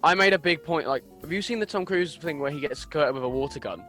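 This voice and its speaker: A young man hosts a rambling comedy podcast, racing through his stories. His voice sits a little high and bright, and he breaks into laughs and swears as he acts out what people said. Faint music runs underneath. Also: fast. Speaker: podcast host. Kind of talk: casual comedy chat.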